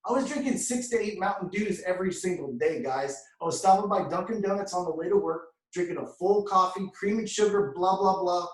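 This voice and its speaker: A man telling his story as an energetic motivational testimonial, often calling the crowd "guys.". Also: high-pitched, a little fast, hardly any pauses, roomy sound, recorded from a distance, rough recording. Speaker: award recipient speaker.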